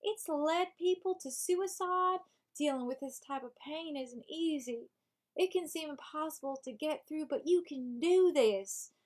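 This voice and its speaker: Woman doing a high, preachy Southern advice lady. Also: a little slow. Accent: put-on American Southern. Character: chirpy Southern woman giving breakup advice. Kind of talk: reading a self-help book aloud in character. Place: home live stream.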